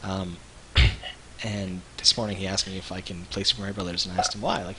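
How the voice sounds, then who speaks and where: A man in his thirties, co-hosting a livestream, telling rambling animated stories with lots of restarts. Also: lowish voice, normal speed, noisy background. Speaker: web show co-host. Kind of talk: casual livestream chat.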